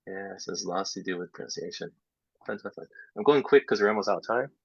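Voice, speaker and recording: A low-voiced man with a gravelly, husky tone talks teachers through a lesson in a relaxed way, now and then sinking into soft half-whispered asides. The sound is dull and lo-fi, dry and close. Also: a little fast, dry recording. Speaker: English teacher trainer. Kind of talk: casual workshop talk.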